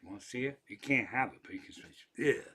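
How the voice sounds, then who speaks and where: A man's voice: mid-range voice, fast, slight background noise. A man, a comedian, streaming live from an armchair at home and telling rambling stories peppered with swearing. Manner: profane, animated anecdotes with frequent swearing. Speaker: comedian hosting a livestream. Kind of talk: casual rambling storytelling.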